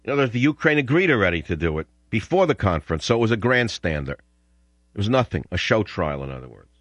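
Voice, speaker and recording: A man's voice: on the low side, very animated, quick pace, fairly bright tone, no echo. An older man hosting a radio talk show, rambling and combative as he rants between clips. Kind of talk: opinionated radio monologue.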